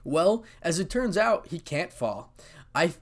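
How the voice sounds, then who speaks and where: A man's voice: a little high, sing-song, a little slow, pitched above the performer's own voice. Man doing a teasing cat-girl devil. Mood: playful.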